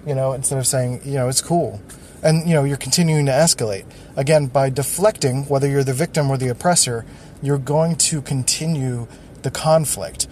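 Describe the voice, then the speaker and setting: A man's voice: mid-range voice, fairly even intonation, brisk, darkish tone, a little hiss or hum. A man hosting a solo podcast, thinking aloud in a loose, rambling way with frequent restarts. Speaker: podcast host.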